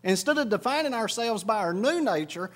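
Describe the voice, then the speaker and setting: Man, high voice, sermon, climbing emphatic bursts. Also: animated, brisk. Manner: preaching with sudden rises in pitch and volume. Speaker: pastor.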